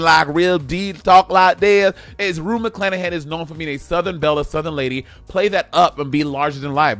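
A man's voice: a little high, a bit bright. A man co-hosting a casual TV review chat, blunt and sassy, with lots of cursing. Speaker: co-host of a TV review show.

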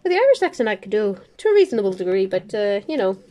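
Brief: chatty woman host, mid-pitched voice, casual craft-table chat, mutters numbers as she works. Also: very animated, very fast, mellow. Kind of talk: casual chat while kitting up a diamond painting.

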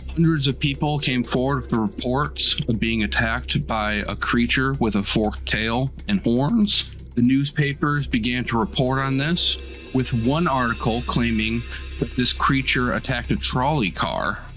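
A man's voice: mid-range voice, unhurried, a bit bright. Podcast host guy telling a legend pretty matter-of-fact, music going behind him. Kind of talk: storytelling narration with banter.

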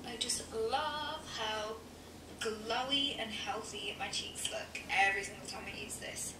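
Woman, higher voice, relaxed step-by-step tutorial narration, echoey and noisy playback. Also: unhurried. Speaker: makeup tutorial creator. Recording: echoey, distant playback with loud noise.

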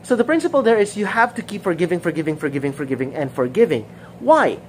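Woman Bible teacher, relaxed sermon delivery, repeats herself for emphasis, somewhat low voice. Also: fast talker, slight background noise, low-quality recording. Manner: informal, repeats phrases, acts out quoted dialogue.

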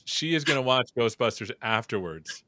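A man's voice: medium pitch, lively intonation, moderate pace, bright, forceful tone, no room sound. A man hosting a live tech show, chatting playfully and joking with his guest before and during the intro. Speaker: show host. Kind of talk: livestream chat and hosting.

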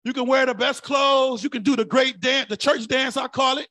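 Male pastor, very high voice, shouted call-and-response preaching, dry close sound. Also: steady tone, normal speed, no room sound. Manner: shouted call-and-response preaching, drops to soft sighing asides; folksy, colloquial delivery. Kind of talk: sermon.

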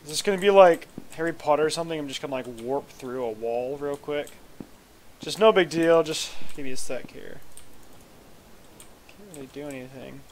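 A man's voice: on the high side, normal speed. A man casually commenting on a video game, swearing freely, joking and muttering his reactions as he plays. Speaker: let's play host.

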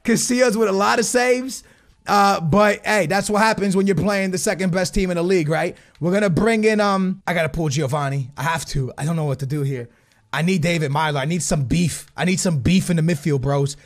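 American gamer guy, high gravelly voice, swings from loud hype to low mutter. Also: fairly quick. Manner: hyped, shouting at goals, then quiet and muttering. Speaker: gaming YouTuber. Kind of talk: excited gameplay commentary.

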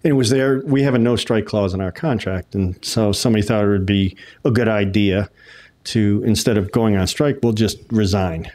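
A man's voice: lowish voice, moderate pace. A middle-aged man from Connecticut, a retired umpire, telling stories in a casual interview and acting out quotes. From Connecticut, United States. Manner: animated storyteller who acts out quotes. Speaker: retired baseball umpire, guest.

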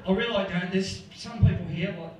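A man's voice: high voice, fairly even intonation, fairly quick. A man with an Australian accent doing a rambling stand-up set, laughing at his own jokes. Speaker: stand-up comedian. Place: comedy club stage. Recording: echoey room, far mic, noisy.

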